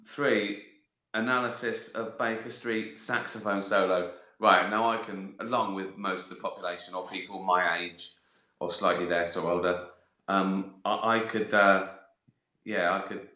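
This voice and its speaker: Slow, rambling, sweary man. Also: low voice, steady tone, pushed and bright. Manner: rambling, sweary, laughs at his own jokes. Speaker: host answering viewer questions. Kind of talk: casual live-stream chat. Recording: echoey room.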